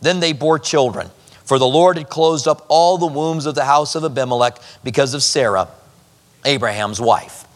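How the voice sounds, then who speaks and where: A man's voice: medium pitch, moderate pace. A man preaching a verse-by-verse sermon as a pastor, with conversational asides to the congregation. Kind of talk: expository sermon. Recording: long hall reverb.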